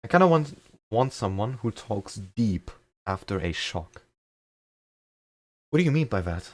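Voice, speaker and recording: During a live game stream, a young man with a lowish voice and a slight German accent chats casually and rambles a little, often making jokes at his own expense. His delivery is very animated but unhurried, with no echo.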